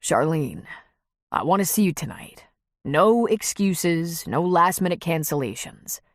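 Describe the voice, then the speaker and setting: A woman's voice: on the low side, very animated, unhurried, no echo, clean studio sound. A woman reading an audiobook, voicing a stern male doctor who speaks in clipped, firm sentences. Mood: curt.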